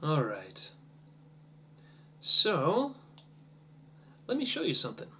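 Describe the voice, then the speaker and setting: A man teaching an English lesson as a demonstration for teachers, encouraging and drawn-out, dropping to soft near-whispers while he waits for answers. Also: on the high side, huge pitch swings.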